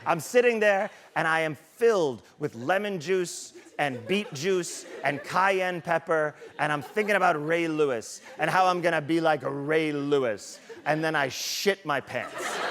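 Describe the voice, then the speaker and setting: A man delivering a stand-up monologue as a comedian host, animated and incredulous as he acts out the story. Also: on the high side, unhurried.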